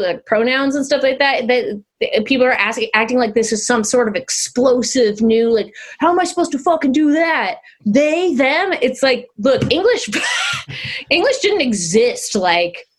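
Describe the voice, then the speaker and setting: A woman co-hosting a podcast, chatting casually in an animated, rambling way, laughing often and swearing now and then. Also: fairly high pitch. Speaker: podcast co-host. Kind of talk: casual chat.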